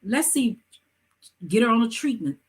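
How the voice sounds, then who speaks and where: A woman hosting a live talk show, giving hair-care advice in a lively, preachy way with emphatic asides. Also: a little high, moderate pace, breathy edge. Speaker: host.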